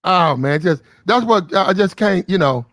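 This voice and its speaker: A man's voice: high voice, lively intonation, unhurried, fairly bright tone, no room sound. Man, livestream host, blunt and disbelieving, swears casually; dry, close sound. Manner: blunt, incredulous, swears freely. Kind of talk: casual commentary.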